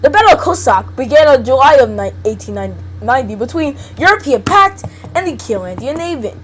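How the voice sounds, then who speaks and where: A woman's voice: high voice, sing-song, fairly quick, husky, low-quality recording. A young woman hosting a casual video, reading a wiki article aloud and reacting to it playfully, often giggling and tripping over her words.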